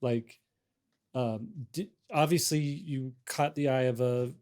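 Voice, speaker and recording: A man co-hosting an interview, asking halting, hesitant questions. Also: medium pitch, a little mellow. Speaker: co-host interviewer.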